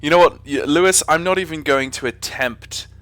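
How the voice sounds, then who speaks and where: A man's voice: a little high, normal speed, fairly bright tone. A man with an English accent chatting casually on a live stream while flying a simulator, rambling and often correcting himself. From England. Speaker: flight sim streamer.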